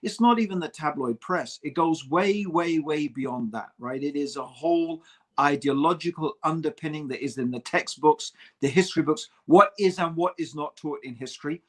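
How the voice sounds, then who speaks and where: A man's voice: a little high, normal speed. A man co-hosting a casual podcast discussion, talking emphatically and calling his co-host bro. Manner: emphatic, conversational, says "bro" often.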